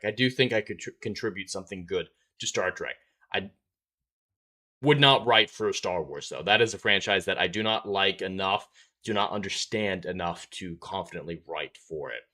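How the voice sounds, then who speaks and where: A man's voice: fairly low pitch, sharp tone. A man hosting a live stream, chatting casually, reading out viewer comments and laughing often.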